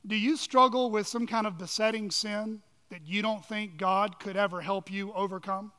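A man's voice: sits high, steady tone, normal speed, sharp tone. A male pastor delivering an earnest, emphatic sermon full of rhetorical questions, recorded in a church sanctuary. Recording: long reverb of a large hall.

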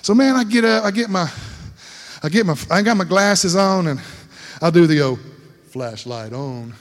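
A man's voice: high voice, lively intonation, moderate pace. A middle-aged man preaching a sermon, telling a folksy story and laughing often. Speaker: pastor. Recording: long hall reverb.

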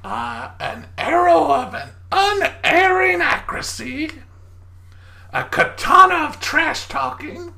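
A woman's voice: extremely high pitch, animated, takes it slowly, creaky, pushed and bright, pitched above the performer's own voice, full character voice. A woman voicing a cheerful, pushy female shopkeeper with a playful, salesy manner in a tabletop game. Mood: sly, salesy. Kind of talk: tabletop role-play voicing.

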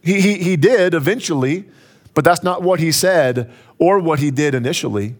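A man's voice: fairly high pitch, moderate pace. A man preaching a sermon, emphatic and building to raised peaks, repeating key phrases for effect. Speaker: pastor.

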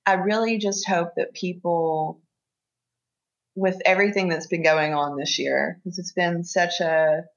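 Earnest woman, low voice, halting. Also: steady tone, lo-fi sound. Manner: earnest, halting, many fillers and restarts. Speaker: interview guest, family caregiver. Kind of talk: emotional personal conversation.

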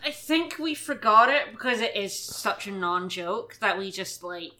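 A woman's voice: medium pitch, expressive, normal speed, sharp tone. A married woman co-hosting a casual movie podcast, sarcastic and swearing. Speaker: podcast co-host. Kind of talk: casual chat.

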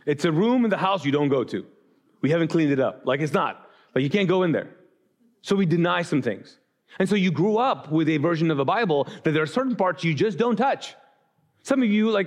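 A man's voice: a little high, moderate pace. Man preaching a chatty, storytelling sermon. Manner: storytelling, animated, with lots of fillers and restarts. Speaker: pastor. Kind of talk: casual conversational sermon.

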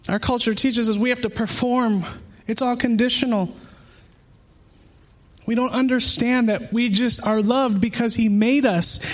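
A man's voice: extremely high pitch, steady tone, measured pace. A man in his thirties preaching a sermon, earnest and emotional, mixing personal testimony with scripture in a conversational way. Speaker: pastor.

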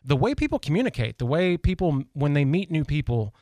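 This Southern-accented radio host from Tennessee rambles through his stories casually, restarting often and saying "you know" a lot. His voice is a little high and a little mellow, a bit fast, with big swings in pitch and no echo.

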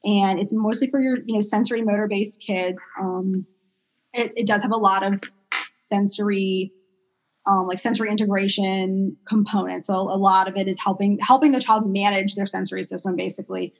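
A young woman's mid-range voice, with a breathy edge, comes through a rough recording at moderate pace. She's a pediatric medical speech-language pathologist talking casually as a guest, filling her speech with fillers and animatedly retelling stories.

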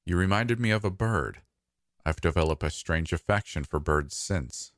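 A man narrating a scripted first-person horror story in a soft, intimate, slow manner. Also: deep voice, lively intonation, dry recording, clean studio sound.

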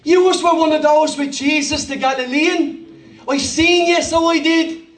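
A man's voice: very high-pitched, fairly even intonation, measured pace, a bit bright, pitched above the performer's own voice. A man doing an accusing Dublin servant girl. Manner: blunt, accusing. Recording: roomy hall, mic at a distance.

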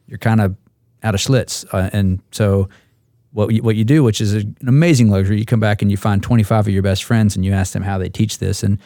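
Male instructor pilot, dark gravelly tone, dry close mic, rambling anecdotal delivery. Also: fairly low pitch, dry recording. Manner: halting, repeats words, restarts. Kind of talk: roundtable storytelling.

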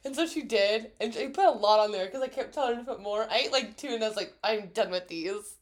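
A woman's voice: fairly high pitch, fast. A woman in her twenties co-hosting a podcast, telling stories in casual chat and acting out quotes with laughter. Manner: lively storyteller who acts out quotes with laughter. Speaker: podcast co-host.

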